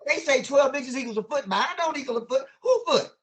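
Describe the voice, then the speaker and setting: Here a male educator, a guest, talks at a quick pace with an extremely high pitch and fairly bright tone. The teaching is impassioned and conversational in a preacher-like manner, heavy with rhetorical questions and casual vernacular grammar.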